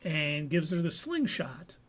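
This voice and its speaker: A veteran co-host on a casual live show recaps the episode through playful wordplay. He speaks slowly but very animatedly, with a slightly high, fairly bright voice.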